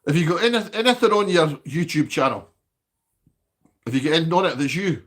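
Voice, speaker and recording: A man's voice: a little high, lively intonation, fairly quick, fairly bright tone. A Scottish man chatting casually on a live stream from his home, reading out viewer comments and asking for likes.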